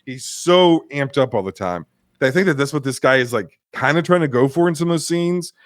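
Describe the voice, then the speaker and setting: A man chatting casually about a film, animated and swearing, often acting out scenes in mock voices. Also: on the high side, a little fast, no room sound, studio quality. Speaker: podcast co-host. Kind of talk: casual film review chat.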